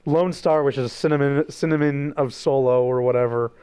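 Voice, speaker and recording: A man's voice: mid-range voice, fairly even intonation, a little fast, dark tone, clean tone. A young man co-hosting a podcast in casual chat, rambling and teasing his co-host.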